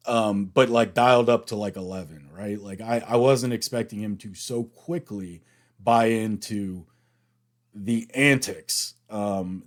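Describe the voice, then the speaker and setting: Man, American accent, fairly low pitch, casual recap, animated storytelling. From United States. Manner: chatty, animated retelling, acts out quotes. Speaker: reaction video host.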